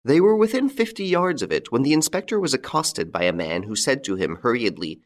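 A man narrating a classic crime story aloud in an expressive, dramatic way. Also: fairly low pitch, brisk, hardly any pauses. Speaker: audiobook reader.

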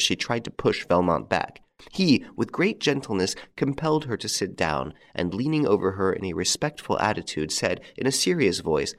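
A man narrating a novel as an audiobook reader, measured and even. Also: deep voice.

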